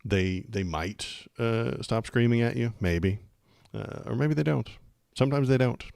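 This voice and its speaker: A man's voice: mid-range voice, a little slow, vocal fry, a little mellow, no echo, studio quality. A man hosting a political livestream, chatting casually and rambling with jokes and lots of fillers.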